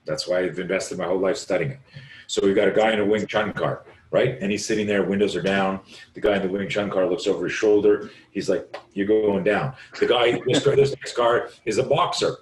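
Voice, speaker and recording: A man with a raw, hoarse voice tells a story as a podcast guest. He talks vividly and curses freely, and he jumps into the voices of the people in his story. The sound is roomy and echoey. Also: deep voice, a little fast, slight background noise. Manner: vivid, profane, acts out quoted voices. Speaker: self-defense instructor, podcast guest. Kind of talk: animated storytelling in conversation.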